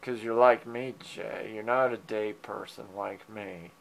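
A man at home chatting fondly to his cats while filming them, meowing at them and chuckling softly, recorded on a handheld camera. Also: on the low side, steady tone, measured pace, gravelly. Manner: fond, coaxing pet talk, meows at the cats, soft chuckles. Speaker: cat owner filming his pets. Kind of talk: casual talk to his cats. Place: at home indoors. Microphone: handheld digital camera mic.

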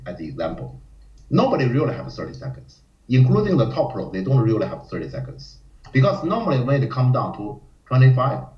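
A man teaching a Go lecture in non-native English, often acting out panicked players in a high voice. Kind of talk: live-streamed lecture. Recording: roomy, dull lo-fi stream audio.

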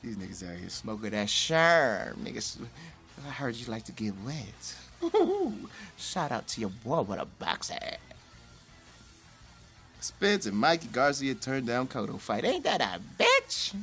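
A young man giving casual, profane commentary as a boxing YouTuber, rambling in slang with sudden high-pitched outbursts. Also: expressive, a little slow, a bit bright, faint music behind.

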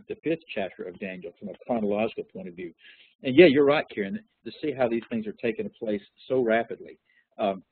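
Husky-voiced man teaching over a phone line. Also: on the low side, no room sound. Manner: relaxed, conversational teaching with frequent fillers. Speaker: Bible study teacher. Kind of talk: interactive Bible lesson.

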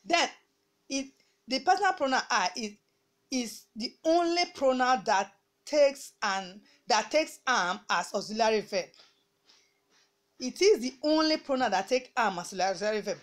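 A woman from Nigeria teaching an English grammar lesson, speaking deliberately, repeating key points and slowing down to dictate example sentences. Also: a little high, animated.

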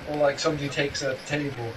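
A man co-hosting a podcast in casual chat, teasing and laughing along. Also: on the high side. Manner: teasing, laughing, quoting films. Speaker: podcast co-host. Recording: noisy background.

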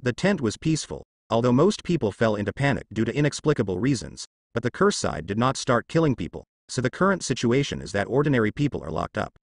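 With few pauses and a quick tempo, a man reads aloud from a translated fan novel, his pitch lively and swinging. Nothing breaks the steady delivery, with no fillers or mistakes. The sound is close and dry, carrying no room sound.

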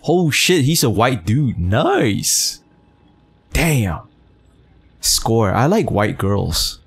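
A man's voice: mid-range voice, sing-song, takes it slowly, creaky, breathy edge. A man streaming a game, chatting casually with his chat, teasing, full of fillers and swearing. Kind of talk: casual gameplay commentary, reading chat.

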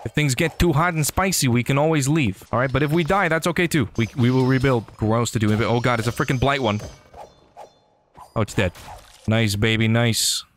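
A man giving excitable, joking commentary over his gameplay, often talking back to enemies on screen. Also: medium pitch, normal speed, a little hiss or hum. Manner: excitable, jokey, talks to enemies. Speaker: gaming YouTuber. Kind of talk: game commentary.

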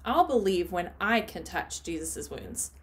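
A woman's voice: on the low side, big pitch swings, measured pace, voice pushed down. A woman voicing a doubting grown man while reading a children's storybook aloud. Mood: doubtful.

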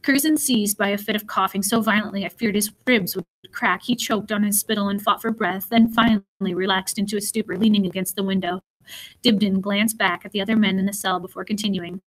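A woman narrating an audiobook in the first person, with an even storytelling manner and small slips. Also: mid-range voice, brisk, poor audio.

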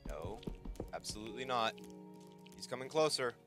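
A man giving casual, excitable let's-play commentary, chatting to the creatures he meets and yelping when they rush him. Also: mid-range voice, normal speed. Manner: excitable, talks to the creatures on screen, yelps in panic. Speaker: gameplay commentator. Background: game music.

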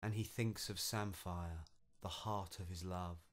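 A man narrating his own storybook poem in a measured, rhythmic recitation. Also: deep voice, fairly even intonation. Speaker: poet and narrator.

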